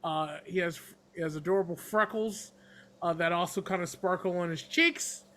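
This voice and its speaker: Bright, high-voiced male player. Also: normal speed. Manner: rambling, full of fillers and self-corrections. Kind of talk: describing a character in a tabletop game.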